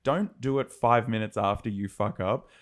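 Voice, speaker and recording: A man's voice: on the low side, normal speed. A young man co-hosting a podcast in casual banter, who swears freely and acts out his anecdotes with voices. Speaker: podcast co-host.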